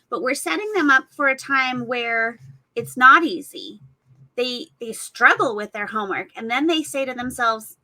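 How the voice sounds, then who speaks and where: A woman's voice: a little high, lively intonation, normal speed, pushed and bright, poor audio. A woman and mother speaking earnestly on a parenting panel, acting out what parents say to their kids. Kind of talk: casual panel discussion.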